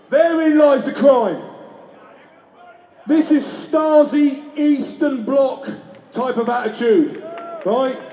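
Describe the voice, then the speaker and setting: Man, impassioned rally speaker, high voice, dull lo-fi sound. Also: dark tone. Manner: chanting, impassioned, self-deprecating. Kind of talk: shouted rally speech. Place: outdoor street rally. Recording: distant, echoey, dull PA sound in a street. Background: crowd noise.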